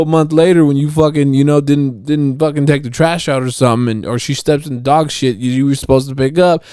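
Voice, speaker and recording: A man's voice: mid-range voice, normal speed, a little mellow, dry recording, clean studio sound. A young man ranting on his solo podcast in a casual, profane, rambling way, often restarting his sentences. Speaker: podcast host.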